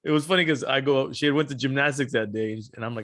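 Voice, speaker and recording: A man co-hosting a casual podcast, telling animated stories with frequent laughs and casual swearing. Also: mid-range voice, quick pace, hardly any pauses. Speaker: podcast co-host. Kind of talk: casual chat.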